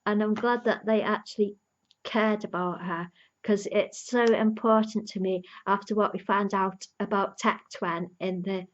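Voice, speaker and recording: Slow-talking woman reviewing a TV episode. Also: mid-range voice, dull audio. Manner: earnest, emotionally invested fan recapping the plot. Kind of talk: casual review vlog.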